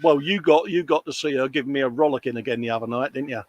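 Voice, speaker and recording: A man's voice: mid-range voice, steady tone, quick pace, muffled recording. A British man co-hosting a casual live stream from his hobby workshop bench, bantering and reading out viewer comments. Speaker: co-host of a live modelling stream.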